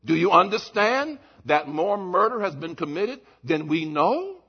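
A man preaching a sermon as pastor, swinging between shouted points and low, quiet asides. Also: big pitch swings, a little slow, few pauses, slightly rough. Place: church. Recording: muffled lo-fi recording.

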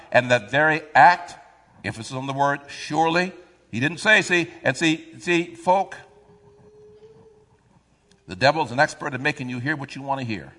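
A man preaching a sermon, reading scripture aloud and drawing the congregation in with call-and-response questions and sudden loud swells. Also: mid-range voice, in a large hall.

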